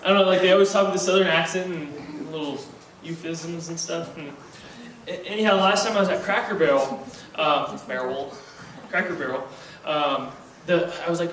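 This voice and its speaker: A man's voice: a little high, a little fast, fairly bright tone, a little hiss or hum. A young man doing a stand-up routine at a church Christmas party, rambling and poking fun at himself, recorded by a far-off camera. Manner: rambling, self-mocking, playful. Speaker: stand-up comedian. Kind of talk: stand-up comedy. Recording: echoey room from far off.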